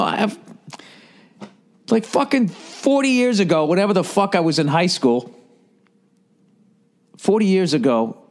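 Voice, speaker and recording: A man in his late forties hosting a podcast, riffing in a profane, sarcastic comedic monologue and slipping into mock voices. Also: high-pitched. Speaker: podcast host.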